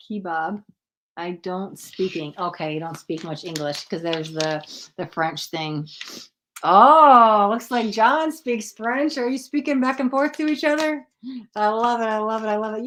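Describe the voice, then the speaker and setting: A woman in mid pitch chats casually on a tarot livestream. She greets and thanks viewers by name and jokes about her own trouble with names. A faint hiss sits under her voice. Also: fairly bright tone. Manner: self-deprecating, stumbles over names. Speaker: tarot reader hosting a livestream.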